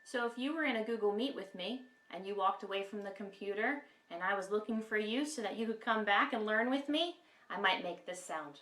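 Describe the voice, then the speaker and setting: A woman teaching a kindergarten lesson to young children in an animated, sing-song voice, recorded in a classroom. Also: mid-range voice, a little fast, far from the mic. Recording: echoey room, mic set back.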